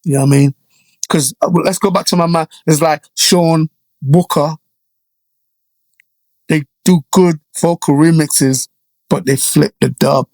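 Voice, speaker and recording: A middle-aged man from Jamaica, a guest DJ telling stories in a casual interview, animated and checking in often with "you know" and "right?". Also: a little high, measured pace, long pauses, no room sound.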